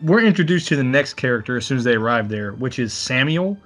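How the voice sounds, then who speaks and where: A man's voice: medium pitch, animated, quick pace, fairly bright tone, soft background music. Sarcastic, swearing man in casual chat. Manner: profane, sarcastic, joking. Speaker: podcast co-host. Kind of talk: casual movie chat over beer.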